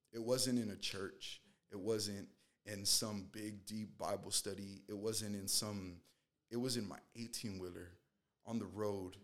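A man's voice: fairly low pitch, fairly bright tone. A man telling his faith testimony in casual talk, earnest and rambling, with constant "you know" fillers and acted-out quotes. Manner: acts out quoted dialogue. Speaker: guest sharing a faith testimony.

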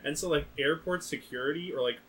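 A young man hosting a podcast, casually telling an animated story, acting out other people's lines and laughing often. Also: fairly high pitch, fast talker, poor audio. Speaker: podcast host.

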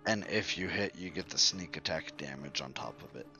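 A man's voice: a bass voice, animated, moderate pace, over music. A man as game master, patiently explaining rules and narrating a tabletop game. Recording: dull lo-fi audio.

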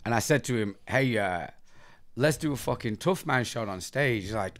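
An English man, a comedian, telling wild stories in casual podcast chat, profane and animated. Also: mid-range voice, moderate pace, vocal fry, no room sound. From England. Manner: profane, animated storytelling with laughter. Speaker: comedian co-host.

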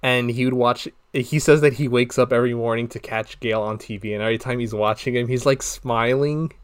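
Animated young man reviewing a movie. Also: mid-range voice, fairly quick, smooth. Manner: animated, acts out quotes with laughs. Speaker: podcast co-host. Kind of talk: casual movie review chat.

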